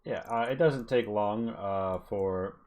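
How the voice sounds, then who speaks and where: A man's voice: lowish voice, takes it slowly, darkish tone, a little hiss or hum. A man narrating a tabletop game as game master in a casual, hesitant way.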